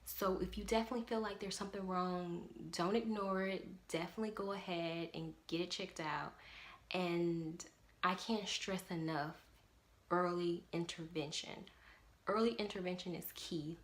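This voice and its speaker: An earnest young woman speaking straight to camera in a casual vlog, leaning hard on her points with emphasis. Her voice sits a little low for a woman. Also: normal speed. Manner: earnest, emphatic, repeats "definitely". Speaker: parent vlogger.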